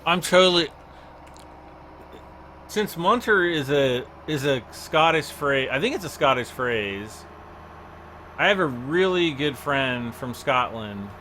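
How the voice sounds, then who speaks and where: A man's voice: medium pitch, lively intonation, slow pace, long pauses, sharp tone, slight background noise. A man doing casual livestream commentary over a farming game, giggly and rambling, often losing his train of thought. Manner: giggly, easily cracks up laughing. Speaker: game streamer.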